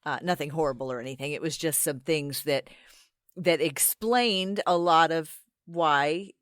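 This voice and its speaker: A middle-aged woman with a lowish voice chatting on a podcast, blunt and opinionated, quick with a wisecrack. The sound is dry and close to the mic. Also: fairly bright tone, dry recording. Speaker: podcast co-host. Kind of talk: casual podcast chat.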